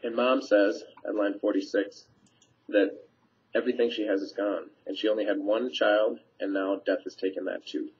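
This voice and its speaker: A man's voice: fairly low pitch, fairly even intonation, normal speed, darkish tone. A man, a teacher, casually summarizing a play scene for students, paraphrasing lines with fillers, recorded on a webcam mic. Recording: dull lo-fi webcam audio.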